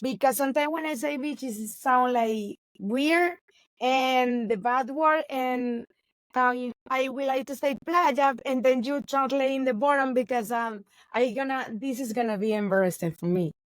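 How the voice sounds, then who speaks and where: A woman, a baker chatting in an interview, animated and laughing often. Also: high voice, unhurried, dry recording, low-quality recording. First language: Spanish. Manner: animated, laughs often, non-native grammar. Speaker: baker and guest. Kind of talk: casual interview chat.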